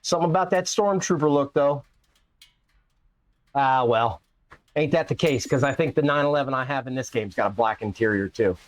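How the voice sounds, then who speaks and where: A man's voice: medium pitch, moderate pace, no room sound. A man streaming a racing game live, chatting playfully with his viewers and his cats. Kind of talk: casual live-stream chat while gaming.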